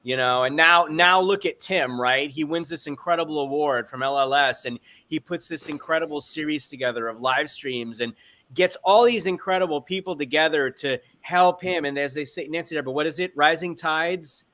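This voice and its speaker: A man's voice: on the high side, moderate pace, pushed and bright. A man speaking as a guest in a casual panel chat over a video call, enthusiastic and rambling, full of fillers.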